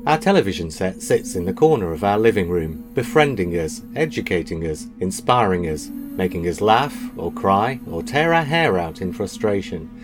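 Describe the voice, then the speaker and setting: A man hosting a podcast, reading a scripted introduction and then chatting with a co-host in a measured, reflective way. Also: deep voice, very animated, music in the background. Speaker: podcast host and series editor.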